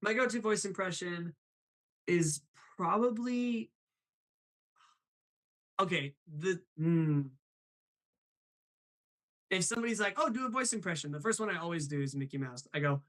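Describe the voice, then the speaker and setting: A man's voice: sits high, lively intonation, unhurried, long pauses, fairly bright tone. A young man hosting a casual live stream, laughing often and reading chat messages aloud. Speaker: host of a live show.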